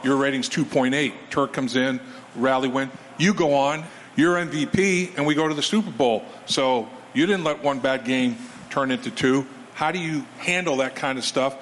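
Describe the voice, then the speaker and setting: A male moderator runs through a quick recap before asking his question, conversational and easy. His voice sits mid-range, with a long hall echo and faint room ambience underneath. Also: medium pitch, a little hiss or hum. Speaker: panel moderator. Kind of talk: interview questions.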